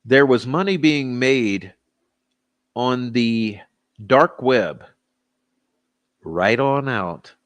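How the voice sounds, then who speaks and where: A man hosting a true-crime stream, talking in a sarcastic, excitable, rambling way with many fillers. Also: medium pitch, very slow, pauses often, no room sound. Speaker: true-crime channel host. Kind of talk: live-stream commentary.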